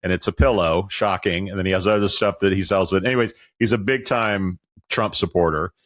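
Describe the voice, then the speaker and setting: A man's voice: low voice, steady tone, a little fast, fairly bright tone, no room sound, studio quality. A man co-hosting a podcast, chatting casually with joking, irreverent asides. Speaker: podcast co-host. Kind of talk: casual chat.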